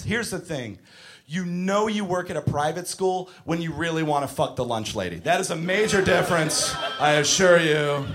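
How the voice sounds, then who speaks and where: A man doing a stand-up comedy set, ranting with crude language and bursting into shouts. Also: fairly high pitch, moderate pace. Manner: animated, shouting mock rants with crude language.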